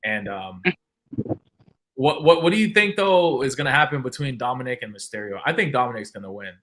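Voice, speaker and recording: A man's voice: mid-range voice, animated, brisk, fairly bright tone. A man hosting a livestream, chatting casually with lots of fillers and restarts. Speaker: livestream host. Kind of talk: casual chat.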